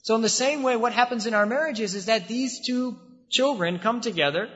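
A high-pitched man preaching a sermon, building his points through repetition and rhetorical questions. His voice carries a long reverb from a large mosque hall. The recording sounds slightly muffled. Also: fairly quick, a bit bright.

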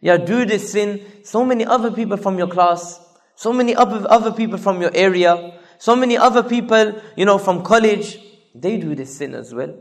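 A man voicing a sly devil who coaxes listeners toward sin in a hushed, low, coaxing tone, inside a sermon. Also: moderate pace.

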